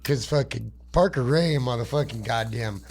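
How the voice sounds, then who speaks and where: A man co-hosting a comedy podcast, telling a crude, profane, animated story and putting on voices for its characters. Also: mid-range voice, normal speed. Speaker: podcast co-host.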